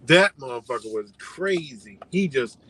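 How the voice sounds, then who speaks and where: A man hosting a live stream, telling a story in a loose, profane, animated way and laughing often. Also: mid-range voice, unhurried, a little hiss or hum, rough recording. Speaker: livestream host.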